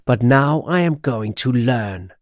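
A woman's voice: lively intonation, takes it slowly, darkish tone, dry recording, clean studio sound, exaggerated voice. A man voicing a stubborn, boastful witch in a storybook reading, giving her a bossy, impatient manner. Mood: eager. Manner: bossy and impatient, shrill when upset.

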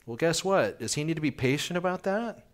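A man's voice: fairly high pitch, lively intonation, brisk. Man, sermon, conversational, asks questions, acts out little scenes. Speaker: pastor.

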